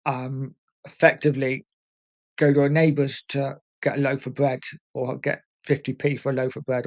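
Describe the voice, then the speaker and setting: A man in his forties from England, hosting a fan channel and talking candidly and earnestly to his viewers, often repeating "listen". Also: fairly high pitch. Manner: earnest, heartfelt and repetitive, often saying "listen". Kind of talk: candid vlog talk.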